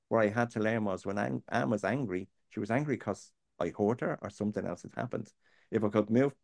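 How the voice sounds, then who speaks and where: A man's voice: mid-range voice, creaky, darkish tone, no room sound, studio quality. A man, talking earnestly and plainly as a guest on a faith topic, sometimes digressing. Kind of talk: candid conversational chat.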